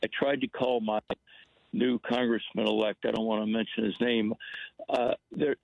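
Gravelly male caller, halting speech. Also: lowish voice, little pitch movement, dry recording. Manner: halting, many fillers. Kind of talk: call-in radio. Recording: dull dry phone line.

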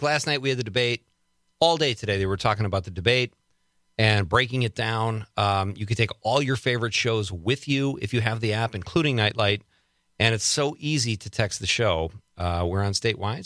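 A male radio host with a bright, forceful voice, talking casually and cracking jokes. His voice is recorded close and dry, with no room sound around it. He laughs often as he riffs on small complaints. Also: lowish voice, no room sound. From Wisconsin. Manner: chatty, joking, laughs often. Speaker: radio talk show host.

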